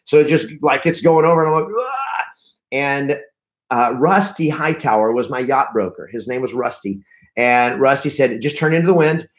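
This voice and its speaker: Brief: male real estate trainer, mid-pitch, energetic storyteller, acts out panic, restarts words often. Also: normal speed. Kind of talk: live-streamed coaching talk.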